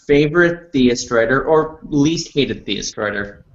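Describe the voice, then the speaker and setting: A man of middling pitch moderating a casual debate chat, asking questions with plenty of ums. His voice bounces around a roomy space and comes through dull and lo-fi. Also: expressive, unhurried. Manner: asks questions, hesitant with fillers. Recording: roomy, dull lo-fi call audio.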